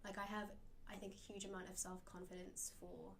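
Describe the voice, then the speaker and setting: A young British Indian woman appears as a guest in a conversational interview, speaking chattily with many fillers. Her mid-range voice is flat in delivery, a little fast, gravelly, and a bit bright, with slight background noise.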